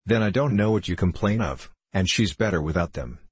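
A man's voice: low-pitched, expressive, a little fast, husky, no room sound. A man reading the part of a spirited, stubborn older governess who speaks firmly and earnestly. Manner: firm, earnest. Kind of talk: audiobook reading.

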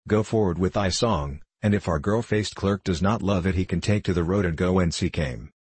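A man reading the part of a rough labourer mocking a young clerk. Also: deep voice, normal speed, darkish tone, dry recording.

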